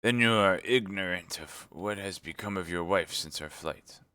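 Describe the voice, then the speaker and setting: A man voicing a shrewd, commanding older cardinal who questions in a measured way. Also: low-pitched, bright, forceful tone, clean tone, no room sound. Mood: probing.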